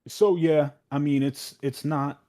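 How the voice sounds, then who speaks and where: A man's voice: on the high side, fairly even intonation, unhurried, warm tone. A young man co-hosting a podcast, talking casually with many likes and ums. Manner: rambling, lots of like and um. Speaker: podcast co-host.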